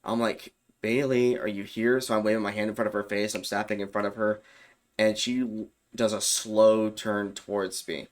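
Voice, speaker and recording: Young man, lowish voice, rambling casual storyteller. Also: level tone, moderate pace. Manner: loose and rambling, with fillers and self-corrections. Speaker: YouTube storyteller.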